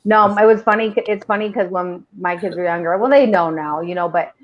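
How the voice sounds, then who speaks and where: A woman's voice: lowish voice, a little fast. A middle-aged woman co-hosting a podcast, bantering in a playful, bawdy way with bursts of laughter. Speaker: podcast co-host. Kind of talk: casual podcast chat. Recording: dull lo-fi recording.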